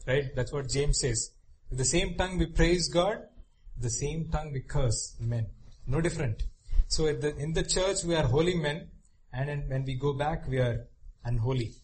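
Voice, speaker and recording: Earnest male preacher, slightly high voice. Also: normal speed, darkish tone, poor audio. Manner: earnest, repetitive, with frequent restarts and you-knows. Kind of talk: sermon.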